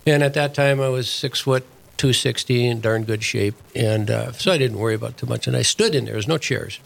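Gravelly older man telling a story. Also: medium pitch, fairly quick, poor audio. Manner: earnest, plain-spoken storyteller. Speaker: deacon, prison chaplain guest. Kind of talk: storytelling in a radio interview.

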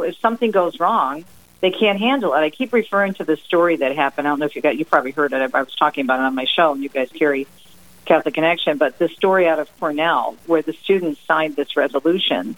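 A middle-aged woman from New Jersey, a guest author on a radio interview, telling family stories in a lively, emphatic way. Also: deep voice, rough recording. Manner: lively, emphatic, acts out her mother's sayings. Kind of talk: radio interview, personal storytelling.

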